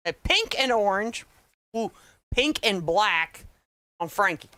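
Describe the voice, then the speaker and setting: Bright-voiced wisecracking Southern woman. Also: medium pitch, lively intonation, slow pace, dry recording. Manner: wisecracking, folksy, talks to viewers as y'all. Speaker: craft tutorial host. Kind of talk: chatty crafting tutorial.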